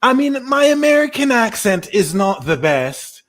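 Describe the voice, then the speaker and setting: A man's voice: very high-pitched, sing-song, measured pace, a bit bright, voice pushed up, exaggerated voice. A man voicing a cheeky, vain British tarot reader with a put-on British accent, playful and teasing during a live tarot reading. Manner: playful, teasing, mock-indignant.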